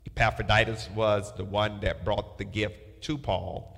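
A man's voice: on the low side, level tone, measured pace, gravelly, fairly bright tone, big-room sound. A man leading a Bible study, reading verses aloud and telling listeners what to underline and circle. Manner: reads scripture aloud with marking instructions. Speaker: pastor.

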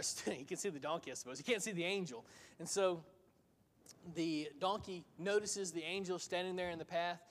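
A man preaching a sermon, retelling a story in a conversational, lively way with occasional laughs. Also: high voice, big-room sound.

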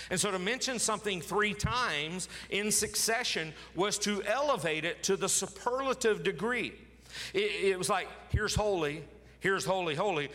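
A pastor preaching an emphatic sermon, repeating key words for stress. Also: male voice, high voice, bright, forceful tone, in a large hall.

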